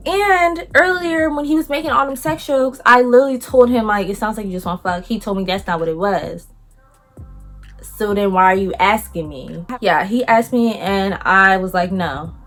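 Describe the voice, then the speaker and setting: A woman vlogger telling a casual story in a lively way, acting out what other people said and using a lot of slang. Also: on the high side, moderate pace, faint music behind.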